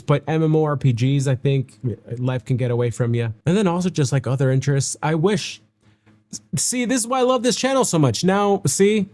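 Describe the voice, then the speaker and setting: A man's voice: a little high, darkish tone. A young man hosting a reaction video, chatting casually and reading notes aloud, often stumbling over names and correcting himself.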